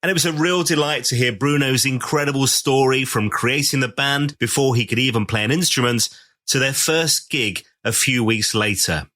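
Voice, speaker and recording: A man hosting a podcast, reading a lively intro and then chatting with enthusiasm. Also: medium pitch, normal speed. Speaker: podcast host. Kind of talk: scripted intro then casual interview chat.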